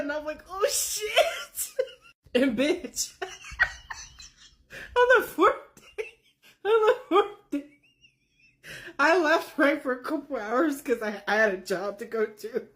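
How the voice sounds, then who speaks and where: A woman telling a wild personal story in a casual, profane, animated way, laughing as she goes. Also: high voice.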